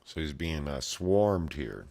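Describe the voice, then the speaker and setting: A man's voice: very deep voice, sing-song, slow pace, darkish tone, slight background noise. A man casually reading a comic aloud and commenting, laid-back with mumbled asides. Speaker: video host reading a comic.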